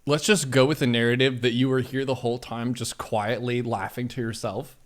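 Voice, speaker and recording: A man's voice: medium pitch, little pitch movement, brisk. A man hosting a casual live-stream discussion, playful and teasing, laughing often. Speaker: show host.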